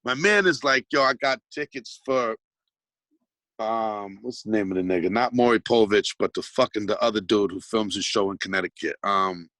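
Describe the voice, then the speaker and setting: A man's voice: on the low side, normal speed, fairly bright tone, no room sound, rough recording. A man telling a long street story in casual chat, swearing freely and restarting his sentences often. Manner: profane, rambling, restarts a lot. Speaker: hip-hop artist guest.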